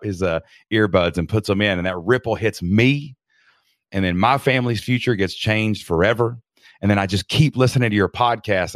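Heartfelt man, low voice, calling everyone dude. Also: fairly bright tone, no echo, clean studio sound. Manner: emotional, heartfelt, says "man" and "dude" a lot. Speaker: podcast guest. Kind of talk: casual interview chat.

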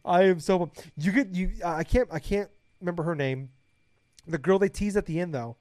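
A young man hosting a casual podcast, rambling excitedly, swearing a lot and getting loud when hyped. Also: high-pitched, normal speed, dry recording, studio quality. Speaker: podcast host.

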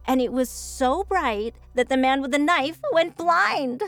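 Woman playing a vain sun goddess, high voice, swooping melody, slow drawl, mocking, audio drama. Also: expressive, a bit bright, soft background music, exaggerated voice. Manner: mocking, theatrical, drawn-out delivery.

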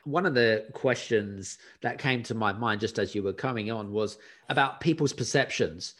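A man's voice: on the low side, normal speed, fairly bright tone. A man hosting a podcast interview, asking long, searching questions with hesitant fillers. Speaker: podcast host.

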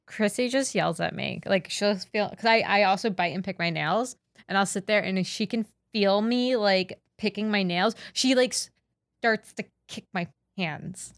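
A young woman on a podcast speaks in a casual, matter-of-fact way and teases with friendly nudges. Her voice sits at a middle pitch, and the sound is dry and close. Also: moderate pace, dry recording. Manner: teasing, encouraging, matter-of-fact. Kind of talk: casual chat.

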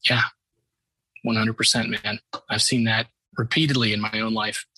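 Man, host, husky, bright voice, dry close sound, affirming, emphatic. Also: on the low side, flat delivery, normal speed, dry recording. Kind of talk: casual conversation.

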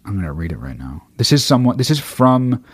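A man's voice: mid-range voice, big pitch swings, brisk, husky, no room sound. Profane ranting man, dry close sound. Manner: heated, swears constantly, bursts of shouting. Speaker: livestreamer reading chat. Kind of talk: profane livestream rant.

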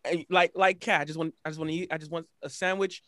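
A man's voice: fairly high pitch, steady tone, fast, fairly bright tone, no room sound, studio quality. A man in casual chat, speaking emphatically and repeating his points.

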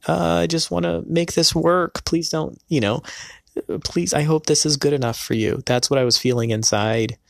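A man telling a personal story in a hesitant, earnest way, pausing often with filler sounds. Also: fairly low pitch, a bit bright, no room sound, studio quality. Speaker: person recounting a past marriage.

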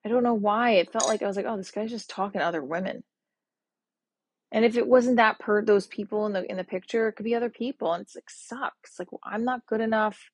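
A woman's voice: a little high, fairly even intonation, quick pace, hardly any pauses, dry recording. A woman in her forties hosting her own podcast, talking through a sad, upset personal monologue in a rambling, emotional way full of restarts. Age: 40s. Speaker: podcast host.

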